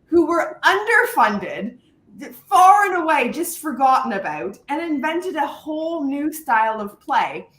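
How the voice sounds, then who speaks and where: A woman of thirty from Canada, a guest on a live stream, talking in a lively, self-mocking way. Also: sits high, measured pace. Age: 30s. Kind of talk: casual live stream chat. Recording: roomy with faint noise.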